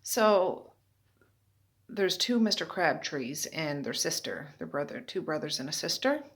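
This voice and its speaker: A woman with a slightly low voice talks easily to the camera from her home. She narrates her housework in a chatty, running commentary, as if talking to herself. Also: sing-song, unhurried, husky. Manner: chatty, talking to herself while doing chores. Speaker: vlogger. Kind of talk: casual vlog narration. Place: at home indoors.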